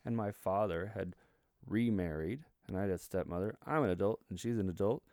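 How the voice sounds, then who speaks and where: A man co-hosts a casual podcast and talks in a blunt, emphatic, opinionated way. His voice sits low with a gravelly edge. The sound is dry and close to the mic. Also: brisk, a little mellow, no room sound. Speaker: podcast co-host.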